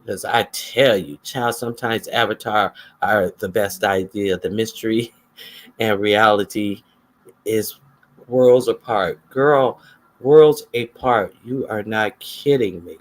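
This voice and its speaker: A man's voice: on the low side, steady tone, measured pace, fairly bright tone. A man giving casual, gossipy livestream commentary and chatting with his viewers.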